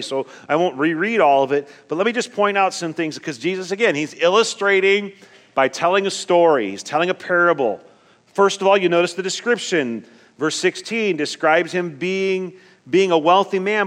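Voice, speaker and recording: Preaching man in a reverberant hall. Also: high voice. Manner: emphatic preaching with wide swings from loud to quiet. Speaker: pastor. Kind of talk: sermon.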